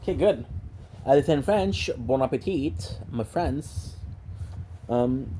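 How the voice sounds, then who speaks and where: A man's voice: medium pitch, lively intonation, slow, long pauses, warm tone, slight background noise, poor audio. A man rambling playfully in a casual monologue, joking and drifting between topics and dropping in stray French and Spanish phrases. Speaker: gaming streamer.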